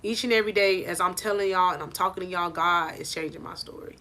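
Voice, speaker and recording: A woman life coach gives a motivational faith talk on a live stream. Her talk is preachy and animated, and it often rises to near shouting. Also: lowish voice, quick pace.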